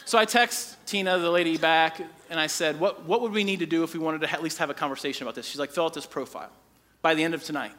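A man in his forties preaching with a high, bright voice. He tells stories in an animated way and acts out quotes from the people in them, then slows into earnest points for the congregation. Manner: animated storytelling, quoting people in his own voice. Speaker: pastor. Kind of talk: sermon.

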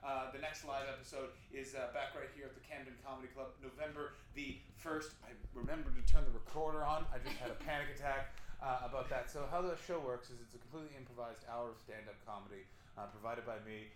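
A man doing improvised stand-up as host of a live podcast in a small comedy club, teasing and swearing at the audience with quick, playful energy. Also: medium pitch, steady tone, noisy background. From Canada. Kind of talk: improvised stand-up crowd work. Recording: roomy club sound with crowd. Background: audience laughter.

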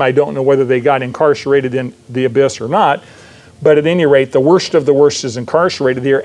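A man preaching a sermon with a slightly raised pitch. He teaches verse by verse, leans on emphatic repetition and keeps asking his listeners "right?". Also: darkish tone. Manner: emphatic, repeats phrases, asks the audience "right?".

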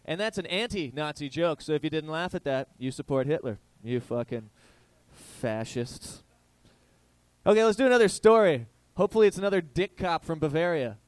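A male Irish comedy host with a somewhat high voice and lively intonation rambles through crude jokes at a moderate pace, tossing questions to the live audience. The sound is dry and close, with no room sound at all.

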